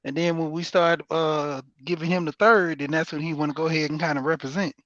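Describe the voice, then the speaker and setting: A man chats loosely in slang on an online panel. His voice is high. The sound is dry and lo-fi. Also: little pitch movement, brisk, fairly bright tone, no echo. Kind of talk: casual panel chat.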